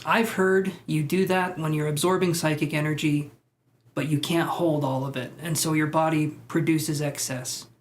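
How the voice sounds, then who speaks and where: A man's voice: fairly high pitch, steady tone, moderate pace. A chatty man on a live tarot stream, talking loosely and wandering from thought to thought. He answers viewer comments in an easygoing, unscripted way, picked up by a simple streaming mic.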